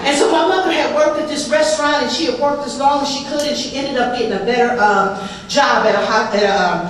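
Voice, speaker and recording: A woman in her forties shares her recovery story with an audience in a lively, humorous way, often laughing as she talks. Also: high voice, brisk. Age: 40s. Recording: echoey room, distant mic, background noise.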